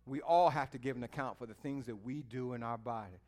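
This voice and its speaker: A man preaching a sermon in a folksy way, talking straight to his listeners and swinging from quiet musing to loud exhortation. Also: medium pitch, a little fast. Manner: folksy, speaks to the listeners directly.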